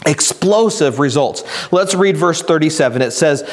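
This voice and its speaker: A man preaching a sermon, reading scripture slowly and building to emphatic, raised delivery. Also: a little high, expressive. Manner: reads scripture slowly and deliberately. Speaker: pastor.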